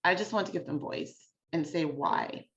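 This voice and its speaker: A chatty woman speaking in a fairly low voice, her talk full of fillers and quick asides. She comes through a video call with a dull, lo-fi sound. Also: vocal fry, a bit bright. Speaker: author guest. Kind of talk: casual conversation.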